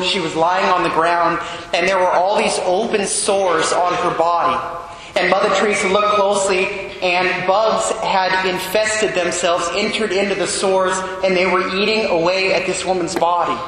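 Bright-voiced priest in an echoing church. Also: male voice, high-pitched, a little hiss or hum. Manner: deliberate, emphatic preaching, addresses students. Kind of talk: homily at Mass. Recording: echoey church, long reverb.

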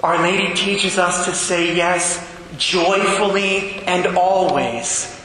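A man's voice: high-pitched, fairly even intonation, takes it slowly, pushed and bright, slight background noise. A man giving a homily to schoolchildren, asking them questions as he teaches. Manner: asks the listeners questions as he teaches. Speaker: preacher teaching students. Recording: roomy echo, long reverb.

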